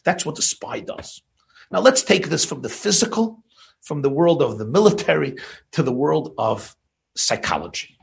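A man giving a sermon, building to emphatic peaks and dropping to soft asides. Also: a little high, gravelly.

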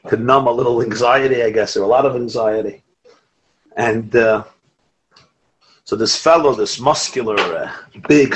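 Animated man teaching a Torah class. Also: medium pitch, low-quality recording. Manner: animated, quotes Hebrew and Aramaic texts, asides and restarts.

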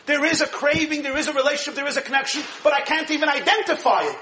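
A man with a notably high, bright voice teaches a Torah lecture. He talks in an animated, emphatic way and laughs often as he explains. The room around him sounds echoey. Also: racing, hardly any pauses, slight background noise. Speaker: rabbi teaching Torah class.

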